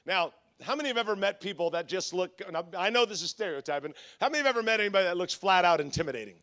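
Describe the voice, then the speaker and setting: Male pastor, high voice, animated conference sermon storyteller who acts out the voices. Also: very fast.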